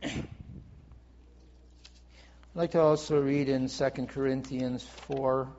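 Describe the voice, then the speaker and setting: A man's voice: medium pitch, flat delivery, slow, darkish tone. A man preaching a sermon in an earnest way, reading scripture aloud and explaining it, often repeating his phrases. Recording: dull audio with long hall reverb.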